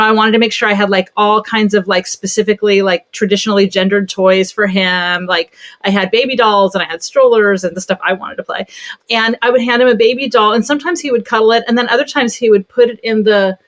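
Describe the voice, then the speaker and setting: A woman, a pediatric therapist, talking as a podcast guest and telling stories animatedly. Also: medium pitch. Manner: animated storyteller, acts out voices. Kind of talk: casual conversation.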